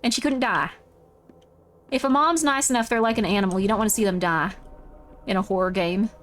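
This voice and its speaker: A woman's voice: medium pitch, brisk, a bit bright, slight background noise. A woman streamer chatting playfully with her audience while playing a horror game. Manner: chatty, playful, does silly voices. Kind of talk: casual live-stream gameplay chat.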